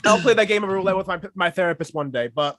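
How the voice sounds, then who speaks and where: A man hosting a podcast in casual chat, telling stories in a rambling, animated way. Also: high voice, quick pace. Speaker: podcast host.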